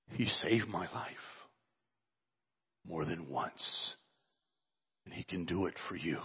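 Slow husky male pastor preaching. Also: low voice, lively intonation, muffled recording. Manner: slow, emotional, rising to fervent prayer. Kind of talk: sermon and prayer.

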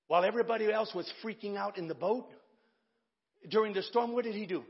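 A man with a very high, gravelly voice preaching a sermon with impassioned, dramatic delivery. The recording carries the long echo of a church sanctuary. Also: fairly quick. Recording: echoey hall, dull lo-fi sound.

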